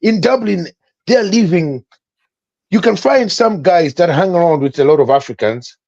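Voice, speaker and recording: A man talking on a podcast panel in an animated, repetitive way. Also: high voice, moderate pace, dull audio. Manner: animated, repeats himself when excited. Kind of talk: casual podcast chat.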